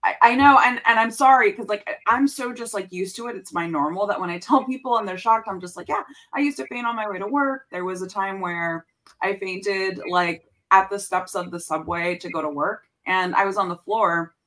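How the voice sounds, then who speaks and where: A woman's voice: medium pitch, moderate pace. A woman in her thirties, a podcast guest, talking candidly in casual conversation and mixing in Spanish phrases. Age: 30s. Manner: candid, animated storytelling with frequent fillers and Spanish phrases.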